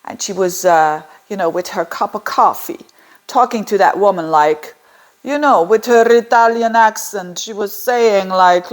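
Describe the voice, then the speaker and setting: A woman's voice: mid-range voice, measured pace. Woman astrologer, informal explainer, wanders off on tangents, lots of ums and restarts. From Belgium. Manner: chatty, digressive, with many fillers and restarts.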